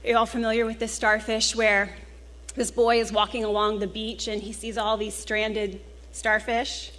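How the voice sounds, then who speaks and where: A woman's voice: a little high, little pitch movement, moderate pace. A woman hosting a professional conference and giving an earnest welcome speech to a live audience, getting emotional now and then. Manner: warm, earnest and emotional, with small laughs. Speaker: conference host. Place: conference hall.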